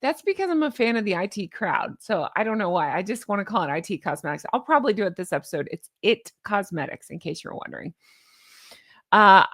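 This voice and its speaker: Woman commentator, mid-pitched, sarcastic and chatty, dry close sound. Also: a bit bright, dry recording. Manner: chatty and sarcastic, laughing at her own remarks. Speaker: YouTube commentator. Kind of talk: casual commentary vlog.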